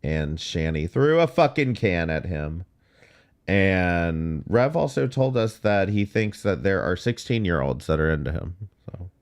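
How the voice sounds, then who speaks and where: Sarcastic man with a lively voice. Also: low-pitched, measured pace. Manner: sarcastic, profane, skeptical asides. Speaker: commentary host. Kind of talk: reaction commentary.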